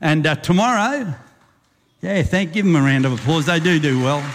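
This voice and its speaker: An older Australian man, a bush poet and compere, reciting a rhyming yarn with a lively rhythm and chuckles before chatting to a live audience. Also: a little high, normal speed, background noise. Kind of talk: recited rhyming bush poem, then stage banter. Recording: live stage recording with long reverb.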